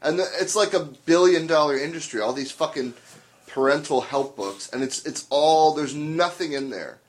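A man's voice: a little high, normal speed. A man co-hosting a casual podcast chat, ranting with plenty of swearing. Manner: profane, ranting.

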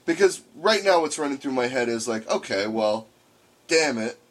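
A man in an easygoing podcast chat, spinning a travel story. He swears freely, acts out quotes in a livelier voice, and jumps around in pitch. His voice sits at an average height. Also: moderate pace. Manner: animated storytelling with profanity and acted-out quotes. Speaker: podcast co-host telling a story. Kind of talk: casual chat.

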